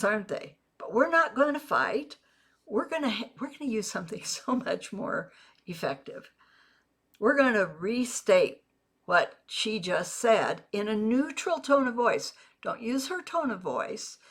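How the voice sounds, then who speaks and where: Woman, mentor giving a video lesson, slow unhurried pace, deliberate, repeats example phrases. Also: medium pitch, a bit bright, slightly rough. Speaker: network marketing mentor.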